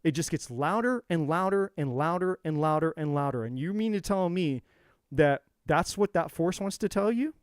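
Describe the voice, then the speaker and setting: A man's voice: on the high side, animated, normal speed, no room sound, clean studio sound. A man giving an intense, profane motivational monologue as a tarot reader, hammering his points with repetition.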